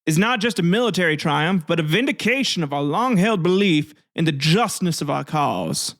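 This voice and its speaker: A man's voice: on the high side, lively intonation, moderate pace, a bit bright, voice pushed up. A man voicing a pompous male revolutionary orator with a put-on Southern American accent, speaking grandly. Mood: proclaiming. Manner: proclaiming, oratorical.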